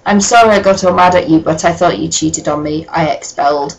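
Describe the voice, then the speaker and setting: A woman voicing a gloomy, sulky teenage boy who speaks in a low, deflated mumble. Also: brisk, rough recording. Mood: dejected.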